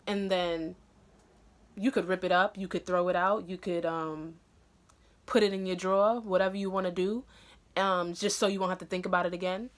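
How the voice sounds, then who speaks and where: A woman's voice: fairly low pitch, moderate pace. A young woman talking straight to her viewers in a casual motivational vlog, earnest and encouraging, with lots of "um" and "you know" fillers. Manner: animated and excitable in bursts. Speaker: vlogger.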